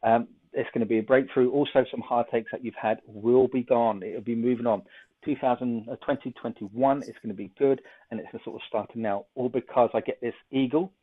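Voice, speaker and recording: A man's voice: mid-range voice, fairly even intonation, a little fast. Man, psychic show host, chatty, joking, tinny phone-like audio. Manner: chatty, joking, thinks aloud. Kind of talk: casual card reading and quiz hosting.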